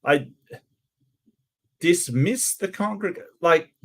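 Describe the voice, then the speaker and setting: A man's voice: high voice, very slow, a bit bright. A man hosting a reaction video, giving sarcastic, rambling commentary. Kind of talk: casual commentary.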